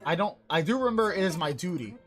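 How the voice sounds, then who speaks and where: Cewek bacain robot cowok rajin dan polos, ngomong kaku, suara naik turun. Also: female voice, on the low side, fast, lightly acted. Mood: earnest. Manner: flat, literal, refers to himself by name. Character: earnest hardworking male robot collector.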